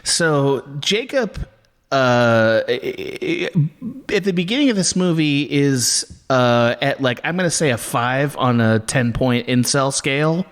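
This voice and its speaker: A man with a mid-range voice co-hosts a casual podcast, dry-humored and halting, full of fillers. A long reverb trails behind his voice. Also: medium pitch, animated. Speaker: podcast co-host.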